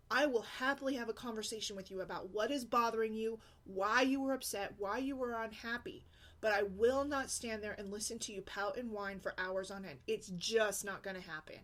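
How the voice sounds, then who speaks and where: A woman's voice: on the high side, moderate pace, a bit bright. A woman talking in a casual vlog, venting bluntly and emphatically about her daughter's attitude. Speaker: single mom blogger.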